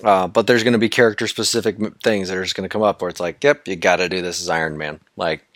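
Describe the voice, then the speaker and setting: A man's voice: sits low, steady tone, fast talker, fairly bright tone, dry recording. A man co-hosting a casual podcast about a video game, rambling and laughing easily as he talks. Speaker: podcast co-host.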